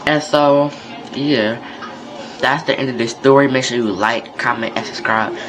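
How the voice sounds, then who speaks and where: A man's voice: mid-range voice, steady tone, a little fast, music in the background, rough recording. A young man from North Carolina, telling a story in a laid-back, conversational vlog style. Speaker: vlogger.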